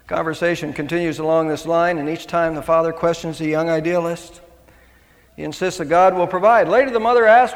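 High-voiced pastor preaching. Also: male voice, fairly even intonation, fairly quick, long reverb tail. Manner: conversational preaching with restarts and asides. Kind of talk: sermon.

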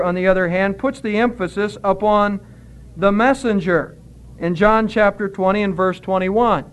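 A man preaching a sermon as pastor, in a measured, emphatic way that lingers on key words and quotes scripture. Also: sits high.

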